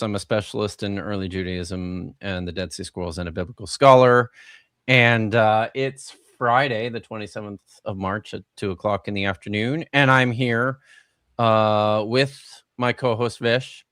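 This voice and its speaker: A man hosts a casual live stream, rambling and joking with plenty of restarts. His voice sits a little low. The sound is dry and close. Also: measured pace, a bit bright, dry recording. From Canada. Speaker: host.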